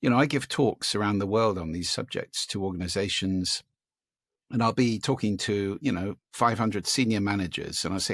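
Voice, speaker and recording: A man with a gravelly, husky voice sits down for an interview and explains his ideas with lively, demonstrative energy. His voice sits fairly low, and the sound is dry and close. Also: normal speed, no room sound. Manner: animated, demonstrative, gives vocal examples. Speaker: guest, speaker on voice and listening.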